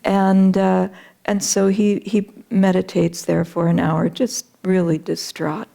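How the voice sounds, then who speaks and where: A woman's voice: fairly low pitch, little pitch movement, slow pace, creaky, dark tone. A woman retelling a spiritual story in a talk, earnest, with frequent fillers.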